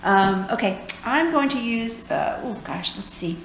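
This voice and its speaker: A woman's voice: fairly high pitch, expressive, a little slow, gravelly. A woman from New York co-hosting a casual board game playthrough, chattily explaining rules and cracking jokes at a table at home. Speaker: co-host. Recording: echoey room, faint room noise.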